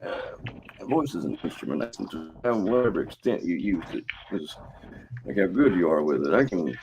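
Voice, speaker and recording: Gravelly comedian dude chatting, jokey, voice swings all over. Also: male voice, deep voice, very animated, normal speed, darkish tone, a little hiss or hum, rough recording. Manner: jokey, slips into mock accents. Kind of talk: casual chat.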